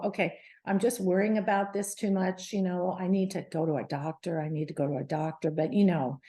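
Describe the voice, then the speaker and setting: A middle-aged woman, a guest on an interview show, telling her story in a lively, animated way with many restarts. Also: lowish voice. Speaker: guest, menopause advocate.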